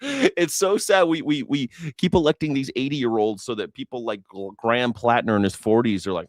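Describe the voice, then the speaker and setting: A man's voice: mid-range voice, moderate pace, no echo. American man, livestream news host, sarcastic, swears a lot, dry close sound. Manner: profane, sarcastic, laughs often. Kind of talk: casual livestream commentary.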